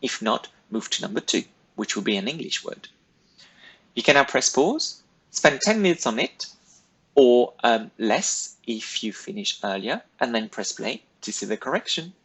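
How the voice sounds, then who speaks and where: A male teacher with a slightly husky, breathy voice at a mid pitch talks pupils through a recorded lesson. He is patient and methodical, setting out each step in turn. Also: very animated, normal speed, a bit bright, poor audio. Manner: patient, step-by-step, clearly paced directions to pupils. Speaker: French teacher. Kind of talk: recorded classroom lesson instructions.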